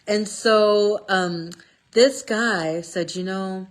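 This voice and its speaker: A woman telling a Bible story in a casual, lively way, often checking in with "okay?". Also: medium pitch, very slow. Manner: lively, chatty, stresses words with "okay?". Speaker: speaker sharing a Bible passage. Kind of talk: casual storytelling talk about scripture.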